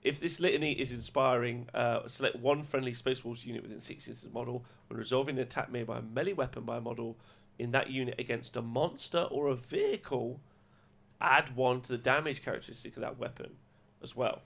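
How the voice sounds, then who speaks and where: Male host, gravelly, laid-back, quick to laugh. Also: mid-range voice, steady tone, a bit bright. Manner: laughs often, jokey, reads rules aloud. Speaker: podcast host. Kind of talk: casual chat about wargaming rules.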